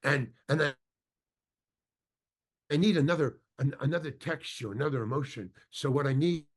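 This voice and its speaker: A man's voice: medium pitch, expressive, normal speed, pauses often. An older man, an actor as interview guest, telling a long anecdote with many restarts and acted-out quotes. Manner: rambling, full of restarts, acts out quoted dialogue.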